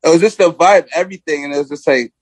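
Young male rapper guest, slightly higher voice, loose rambling chat, dry mic. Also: fast, breathy edge, no room sound. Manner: rambling, lots of "like" and "you know", laughs easily. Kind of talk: casual interview chat.

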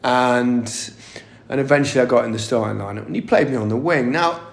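A man's voice: medium pitch, brisk, gravelly. A middle-aged man, a former footballer, telling chatty anecdotes in an interview, laughing often and restarting his sentences. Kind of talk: casual interview storytelling. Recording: echoey room.

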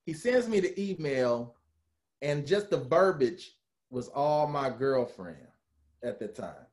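Animated man telling stories casually. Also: medium pitch, slow pace. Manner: animated, acts out quotes of others. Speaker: guest, former reality TV cast member. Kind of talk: casual storytelling.

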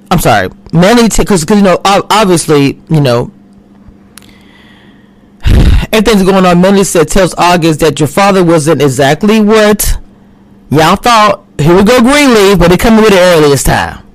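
A woman giving a casual recap of a TV drama, animated and quick to act out the characters' lines. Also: on the low side, dry recording. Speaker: TV recap reviewer. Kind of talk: casual chat. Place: home, recording a live stream.

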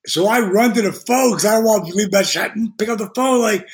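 A man who is a guest on a podcast, telling profane, animated stories and acting out the voices of people he quotes. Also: sits high, quick pace. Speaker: guest, retired pro wrestler. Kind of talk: profane storytelling podcast chat.

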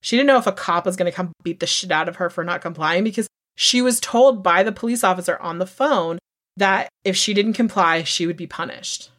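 A woman's voice: fairly low pitch, fairly quick, fairly bright tone. Profane, heated woman recapping true crime. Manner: heated, profane, emphatic storytelling. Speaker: podcast host.

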